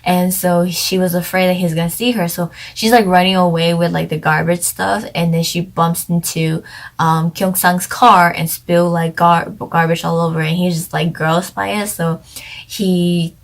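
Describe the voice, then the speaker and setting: A woman's voice: on the low side, steady tone, normal speed. A young woman co-hosting a channel, casually reviewing a TV drama in a rambling, chatty way full of "like". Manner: chatty, rambling, heavy use of "like".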